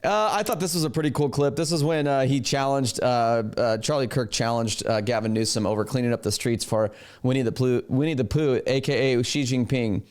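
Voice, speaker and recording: A man at a medium pitch reacts to clips in loose, casual commentary. He is animated and opinionated and keeps turning aside to address his producer. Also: fairly quick, few pauses, clear, resonant tone. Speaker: reaction video host.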